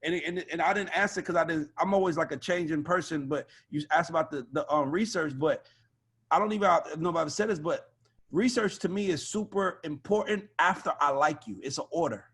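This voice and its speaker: A man speaking on a video call as an A&R panelist, blunt, profane and animated in a casual panel discussion. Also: a little high, fairly quick, husky. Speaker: record label A&R panelist.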